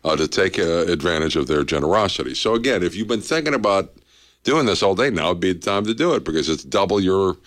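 A man hosting a charity radiothon on the radio, relaxed and joking, a little punchy after a long day. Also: low voice, fast talker. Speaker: radio host.

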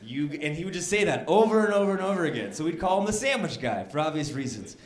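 A man doing stand-up comedy, telling a story and shouting his punchlines. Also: fairly high pitch, very animated, fast. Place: comedy club with live audience. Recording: echoey club, crowd laughing.

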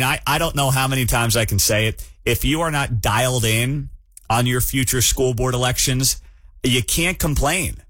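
A man hosting a morning talk radio show, ranting in an animated and incredulous way. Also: medium pitch, dry recording.

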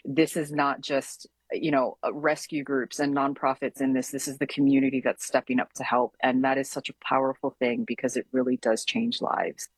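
A woman from an animal shelter speaks with heartfelt emotion in an interview clip. Her voice is husky. The recording is dry and close. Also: rumbling low, flat delivery, moderate pace, few pauses, no room sound. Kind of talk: interview soundbite.

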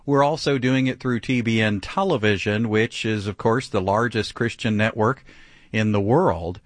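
A man's voice: on the low side, normal speed, dry recording. A man hosting a live call-in radio show about faith, talking conversationally with frequent fillers. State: clearing his throat, choked up. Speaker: radio talk show host.

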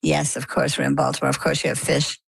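A middle-aged woman from Maine, a guest in an interview, telling her story in a lively, conversational way and acting out the quoted dialogue. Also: sits low, quick pace, vocal fry, slightly rough, dry recording, poor audio. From Maine, USA.

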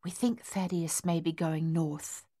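A woman voicing a worried mother who pleads with her son in a hushed voice. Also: deep voice, steady tone, unhurried, no room sound, studio quality. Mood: pleading.

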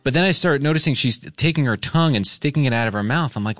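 A man hosting a morning radio show tells a story in a relaxed, chatty way. His pitch swings widely as he acts out the voices of the people he quotes. The sound is dry and close. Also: fast talker, dry recording. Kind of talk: casual storytelling on air.

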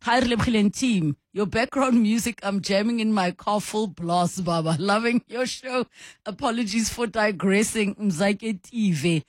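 A South African woman hosts a radio call-in show from a dead, dry studio. She chats easily, reads listener messages aloud and reacts to them, her voice sitting at a middle pitch. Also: moderate pace, no room sound. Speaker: radio talk show host.

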